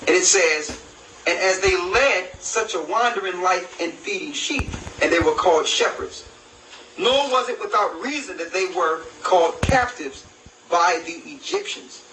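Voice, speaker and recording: A man reading aloud from an old history text and commenting on it, slowly and emphatically, with rhetorical questions. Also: high voice, expressive, sharp tone. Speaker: religious video host. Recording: roomy echo, distant mic, noisy background.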